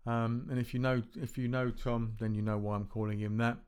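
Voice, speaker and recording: A man's voice: mid-range voice, little pitch movement, fairly quick, a little mellow, clear, resonant tone. A man hosting a podcast from a home recording room, chatting casually between tracks with rambling, self-deprecating asides and frequent restarts. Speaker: podcast host playing music tracks.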